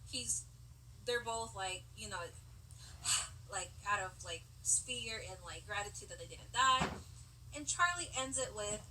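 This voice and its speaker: A woman co-hosting a podcast, retelling movie scenes in an animated, laughing way. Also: medium pitch, a little slow. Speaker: podcast co-host. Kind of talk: casual movie recap chat. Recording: distant mic with faint background hiss.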